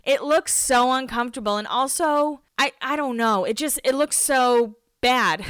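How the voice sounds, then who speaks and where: A woman's voice: a little high, a bit bright, smooth, no echo. A woman hosting a podcast, recapping an episode in a chatty, giggly, self-mocking way. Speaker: podcast host.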